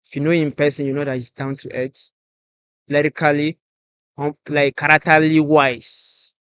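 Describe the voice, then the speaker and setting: A man's voice: fairly high pitch, level tone, moderate pace, a bit bright, clear, resonant tone, no room sound. A Nigerian man talking as the guest musician on a casual podcast, earnest and saying "you get" again and again.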